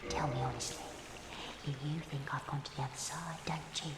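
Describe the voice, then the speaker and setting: A woman's voice: low voice, steady tone, fairly quick, over loud music, natural voice. An actress playing a mysterious, teasing woman who speaks coyly and sometimes drops into a half-whisper. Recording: echoey game audio with loud noise.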